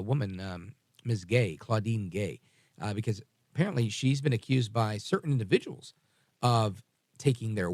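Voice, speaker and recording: A man's voice: fairly low pitch, a little mellow, no echo, studio quality. A man hosting a radio talk show, chatting casually with joking, self-deprecating asides.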